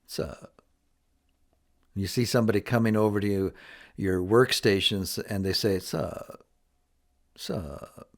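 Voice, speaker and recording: A man teaching a beginner English lesson, saying phrases clearly and repeating them for learners to copy. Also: on the low side, fairly even intonation, brisk.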